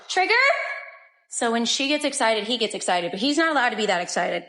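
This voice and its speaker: A woman's voice: fairly high pitch, expressive, moderate pace, pauses often, fairly bright tone. A young woman chatting casually on a live stream at home, gushing over her dogs. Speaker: livestream host. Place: home, indoors.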